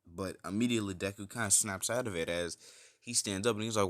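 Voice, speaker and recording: A man's voice: lowish voice, quick pace, fairly bright tone. A man narrating a fan-made what-if story in a casual, rambling way, full of fillers and the odd swear.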